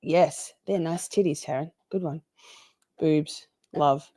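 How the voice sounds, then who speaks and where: A woman's voice: low voice, fairly even intonation, slow pace, mellow, dry recording. A woman hosting a casual livestream, chatting and greeting viewers by name in a chatty way. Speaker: livestream host.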